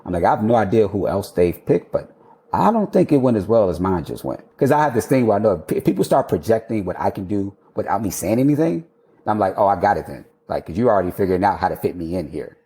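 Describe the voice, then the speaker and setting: A man, an architect and podcast guest, telling a candid, animated story in casual conversation and now and then swearing. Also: on the low side, fast talker.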